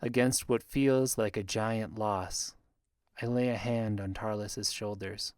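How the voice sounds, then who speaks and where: A man narrating a fantasy audiobook in a measured storytelling voice, lightly voicing the characters. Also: fairly low pitch, steady tone, smooth, dry recording, clean studio sound.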